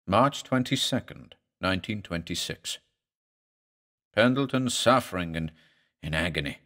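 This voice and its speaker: A man's voice: low-pitched, lively intonation, measured pace, pushed and bright. A man narrating a horror story as a doctor's journal, reading in a grave, dramatic manner.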